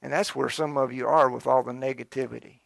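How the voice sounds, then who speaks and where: A man's voice: mid-range voice, fairly even intonation, fairly quick, creaky, no echo, clean studio sound. A male pastor preaching a sermon, fervent and exhorting, speaking directly to his congregation. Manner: fervent, exhorting, urgent early and quieter and reflective later.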